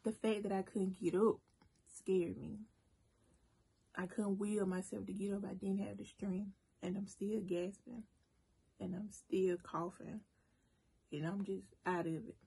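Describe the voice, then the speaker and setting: Woman vlogger, dark mellow voice, very husky, animated casual storytime. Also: medium pitch, unhurried. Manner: animated storytelling, talks straight to viewers as y'all. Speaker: cooking and mukbang vlogger. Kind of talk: casual storytime while eating.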